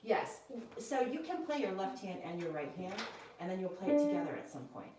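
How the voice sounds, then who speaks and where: A woman's voice: mid-range voice, very animated, a little fast, very echoey, distant mic, poor audio. A woman piano teacher giving a one-on-one lesson, patiently explaining step by step and checking that her student understands. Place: indoor room with a piano.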